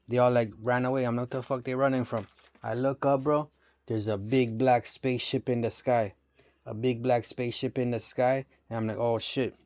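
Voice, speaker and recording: Casting: male, thirties, casual street-slang storyteller, flat even pitch, dry recording. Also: no echo. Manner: slangy, profane, rambling street talk. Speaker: vlogger.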